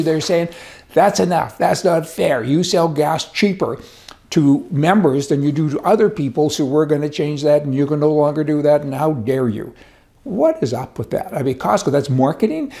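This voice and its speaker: A man's voice: medium pitch, vocal fry, mellow. A man giving a sarcastic, indignant opinion commentary as a political commentator. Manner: sarcastic, indignant rants with laughs.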